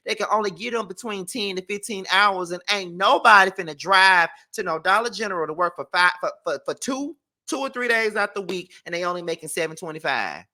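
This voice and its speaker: A man's voice: high-pitched, bright, forceful tone. Blunt, profane man ranting on a commentary show. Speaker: commentary channel host. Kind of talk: casual commentary rant.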